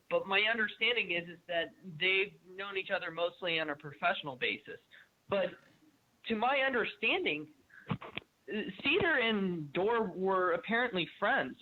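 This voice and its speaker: A man calling in to a talk show, ranting angrily with profanity and many halting fillers. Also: high-pitched. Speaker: caller. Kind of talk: ranting call-in comment. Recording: tinny phone line.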